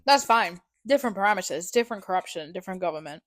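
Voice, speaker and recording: A woman's voice: fairly low pitch, animated, rapid-fire. A woman co-hosting a podcast in casual chat, chiming in with dry, teasing remarks. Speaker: podcast co-host.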